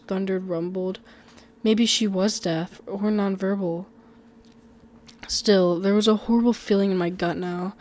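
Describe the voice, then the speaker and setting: A woman's voice: mid-range voice, steady tone, unhurried, a little mellow. Female storytime narrator, first-person horror, conversational read with occasional stumbles. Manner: conversational reading with small slips and restarts.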